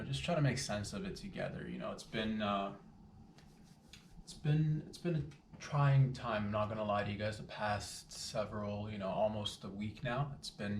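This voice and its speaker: A man with a lowish voice talks to his viewers in a loose, reflective monologue, circling back over his own phrases as he goes. He sits a little back from the mic, so the room rings around him. A faint hum lingers behind. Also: distant mic. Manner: rambling, repeats phrases, addresses viewers directly. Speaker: vlogger. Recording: roomy echo, a bit off-mic, faint background hum.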